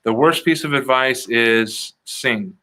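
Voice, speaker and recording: An improv comedian from the Chicago area talking through his craft in a relaxed, earnest way. His tone is bright and clear, and his pitch sits in the middle. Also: slow. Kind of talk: casual interview answers.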